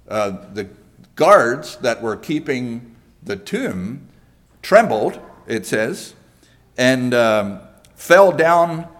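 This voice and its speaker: A man preaching a sermon in a conversational way, pausing often and asking the congregation questions. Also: medium pitch. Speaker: pastor.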